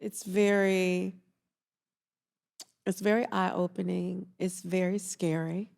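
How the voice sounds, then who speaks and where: A woman from Atlanta speaks as a therapist guest on a podcast, her voice carrying a clear vocal fry. She talks earnestly and reflectively, sharing personal stories with feeling. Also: fairly low pitch, level tone, slow pace, darkish tone. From Atlanta, Georgia. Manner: earnest, reflective, emotional storytelling. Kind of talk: casual interview chat.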